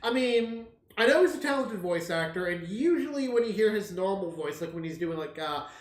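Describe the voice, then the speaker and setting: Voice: medium pitch, lively intonation, fairly quick. A stream co-host chatting casually about a movie, rambling with many fillers. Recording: echoey room.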